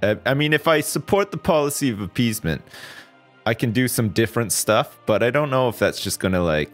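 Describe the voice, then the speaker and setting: A man talks a strategy game through with friends. His voice swings up and down in a lively, sarcastic way, and he swears freely. Soft music plays beneath. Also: medium pitch, a little fast. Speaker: let's play gamer. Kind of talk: casual gaming banter.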